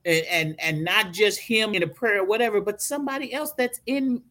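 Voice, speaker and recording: A woman guest speaker on a podcast, telling a story in an animated preaching style. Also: mid-range voice, fairly quick. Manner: animated storytelling, acts out voices.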